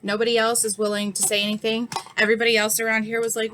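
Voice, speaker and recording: Speaking fast and flat in a sharp, mid-range voice, this thirtysomething vlogger with a swollen, injured eye gives a frank, heated account of an incident, full of fillers. It's a casual storytime monologue, and there's a little hiss or hum on the recording.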